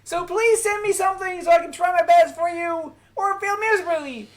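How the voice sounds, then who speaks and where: Squeaky, unsure cartoon teen boy, very high and stammering, for a demo reel. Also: a little fast. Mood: nervous.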